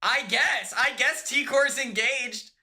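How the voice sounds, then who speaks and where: Male streamer, casual hotel-room chat, sharp bright tone, slow drawl, excitable and sweary. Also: very high-pitched. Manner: excitable, swears, laughs often, shrieks when retelling.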